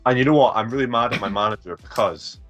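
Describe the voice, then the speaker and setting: A man's voice: mid-range voice, quick pace, a bit bright, soft background music. A Scottish man in his twenties co-hosting a livestream, trading playful, joking banter. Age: 20s. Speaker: co-host. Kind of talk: casual livestream chat.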